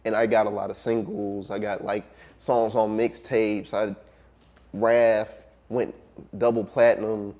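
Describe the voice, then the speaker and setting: A man, a music producer speaking as an interview guest, talking in a relaxed, reflective way with frequent ums and trailing pauses. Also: on the low side. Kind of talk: casual interview conversation.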